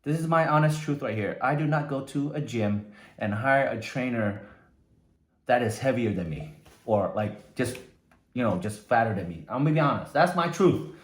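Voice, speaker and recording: A man's voice: medium pitch, animated, moderate pace. A man giving a conversational motivational talk, often tagging his points with "right?". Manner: conversational, frequent "right?" tags. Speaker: motivational speaker. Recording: echoey room.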